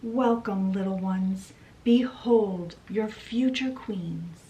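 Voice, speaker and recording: Brief: a cold, menacing witch mother with slow, commanding speech, read by a woman. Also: medium pitch, warm tone, slight background noise, natural voice, rough recording.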